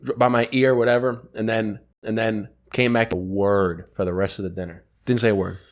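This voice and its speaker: A man's voice: lowish voice, level tone, fairly quick. A man co-hosting a podcast, telling rambling stories in casual chat and laughing often. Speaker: podcast co-host.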